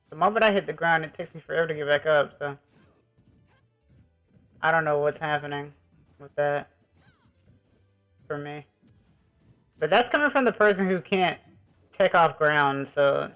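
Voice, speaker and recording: A man with a somewhat high voice chats loosely with his viewers while he plays, drifting from one thought to the next. His talk is relaxed and meandering, with faint music underneath. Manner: rambling and easygoing, talking to viewers. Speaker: streamer. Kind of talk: casual live-stream chat while gaming.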